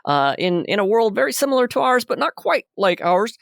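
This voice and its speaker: A man co-hosting a casual podcast, playful and giggly as he reads plugs and shout-outs. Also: sits high, very animated, a little fast, creaky, no room sound, clean studio sound. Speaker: podcast co-host.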